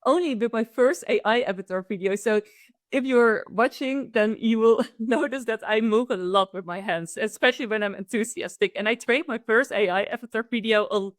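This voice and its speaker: A woman with a Dutch accent speaks in a fairly high voice, eager and quick to restart her sentences as she explains things. The sound is dry and close, with almost no room echo. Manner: enthusiastic, restarts often. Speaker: guest, AI consultant. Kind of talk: conversational interview.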